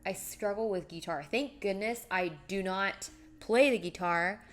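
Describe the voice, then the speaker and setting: A woman's voice: medium pitch, unhurried, fairly bright tone, faint music behind. A young woman chatting casually on a live stream while crafting, rambling and reading out viewer messages. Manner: chatty, rambling, reads chat aloud.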